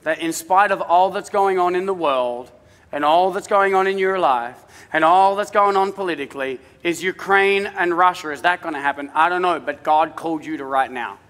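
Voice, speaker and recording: Preaching at a normal speed, this middle-aged pastor addresses his congregation in a relaxed, conversational sermon peppered with humorous family anecdotes. His voice is high and bright, and the big hall gives it a long, lingering reverb.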